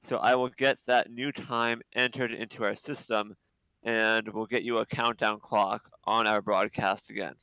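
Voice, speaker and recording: A man on a live launch stream, announcing schedule updates in a clear, matter-of-fact way. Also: lowish voice, level tone, a little slow, bright, forceful tone, no echo, low-quality recording. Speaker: livestream host giving updates.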